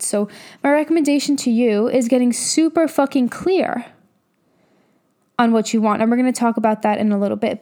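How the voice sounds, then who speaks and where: A woman's voice: a little high, darkish tone. A young woman hosting a podcast, giving a casual motivational monologue as a business coach, candid and profane, acting out her own past thoughts.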